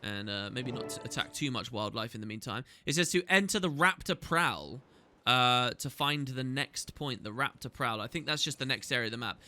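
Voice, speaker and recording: A man's voice: mid-range voice, expressive, normal speed, sharp tone, dry recording. A man hosting a gaming video, chatting casually as he plays and reading quest dialogue aloud. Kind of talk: casual gameplay commentary. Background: faint game music.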